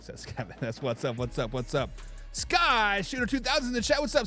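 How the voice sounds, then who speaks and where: A man's voice: high voice, big pitch swings, fairly quick, pushed and bright, faint music behind. A man hosting a casual sports talk stream, reading viewer comments aloud in a laid-back way, laughing often and repeating his catchphrases. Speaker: sports talk show host.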